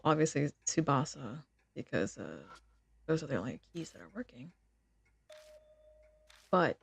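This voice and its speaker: Woman streamer teasing chat and reading game lines, bit of vocal fry, dry close mic. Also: lowish voice, darkish tone, dry recording. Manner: teasing, giggly banter with chat. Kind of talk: casual gameplay commentary, reading game text aloud.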